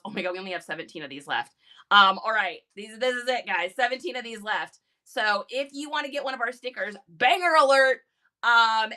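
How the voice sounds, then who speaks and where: A woman hosting a casual live stream, bubbly and excitable, talking into a phone. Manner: bubbly, excitable, high-energy. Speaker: live-stream reseller host.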